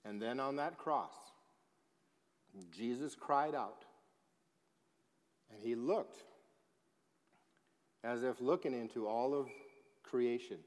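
A man preaching a sermon as pastor, slow and emphatic, swelling in volume on key phrases. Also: mid-range voice. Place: church sanctuary. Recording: long hall reverb.

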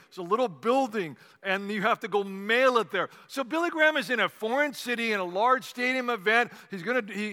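A male pastor preaching a sermon with animated storytelling and conversational asides, in a church hall. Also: high-pitched.

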